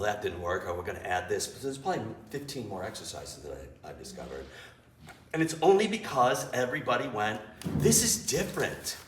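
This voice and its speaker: A man talks about teaching improv, animated and poking fun at himself. He sits away from the microphone in a reverberant theater, with a faint hiss underneath. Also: medium pitch. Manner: animated, self-mocking storyteller. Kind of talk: interview. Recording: roomy, distant mic with faint noise.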